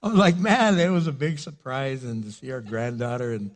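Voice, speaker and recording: Older man, pastor, sermon, chatty storytelling, medium-pitched voice. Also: expressive, normal speed.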